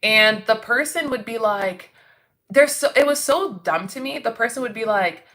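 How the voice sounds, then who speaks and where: A woman's voice: fairly high pitch, expressive, moderate pace, a bit bright. A woman from Canada hosting a casual livestream, chatting with viewers, reading out their comments and laughing often. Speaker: livestream host reading chat.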